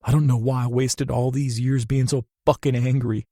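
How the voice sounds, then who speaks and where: A man's voice: medium pitch, little pitch movement, moderate pace, mellow, dry recording, studio quality, pitched above the performer's own voice, lightly acted. A man voicing a grief-stricken young man who pleads and sobs at his dying father's bedside, his voice breaking. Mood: tearful.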